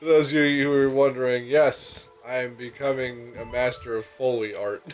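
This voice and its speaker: A man's voice: medium pitch, steady tone, moderate pace, soft background music. A man in his twenties chatting casually while playing a game, rambling through stories with plenty of laughter and swearing, on a microphone set on a bucket. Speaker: let's play co-host, student. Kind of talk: casual gaming chat.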